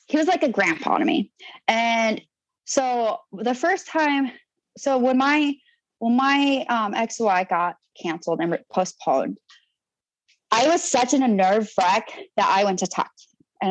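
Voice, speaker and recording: A woman's voice: on the high side, measured pace, long pauses, no room sound, rough recording. Blunt, foul-mouthed young woman storyteller. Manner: blunt and heavy on profanity; rambling with restarts and trailing fillers. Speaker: podcast guest, Navy sailor. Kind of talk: candid personal storytelling.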